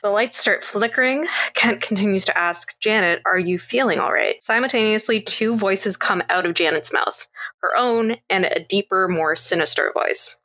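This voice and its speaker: A woman's voice: medium pitch, normal speed, sharp tone. A woman from Canada co-hosting a casual movie podcast, recapping the plot and laughing often. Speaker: podcast co-host.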